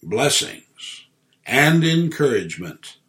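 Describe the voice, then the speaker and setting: A man narrating an inspirational story in a gentle, measured reading voice. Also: medium pitch, big pitch swings.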